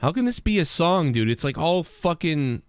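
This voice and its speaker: A man's voice: on the high side, big pitch swings, normal speed, clean tone, no echo, soft background music. A man hosting a livestream show, ranting in a brash, profane, rambling way. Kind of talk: ranting live commentary.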